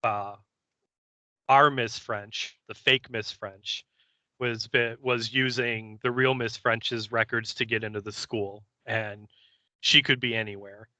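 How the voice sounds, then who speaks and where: A man co-hosting a podcast, casually recapping an episode scene by scene and slipping into quick character voices. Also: on the low side, steady tone, bright, forceful tone, no echo. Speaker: podcast co-host.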